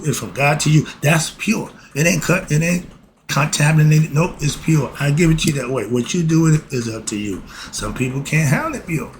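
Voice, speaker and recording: A man who speaks gives a lively spiritual lesson. He keeps asking himself questions and answering them, and he laughs often. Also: a little high, vocal fry, slight background noise. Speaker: spiritual philosophy teacher.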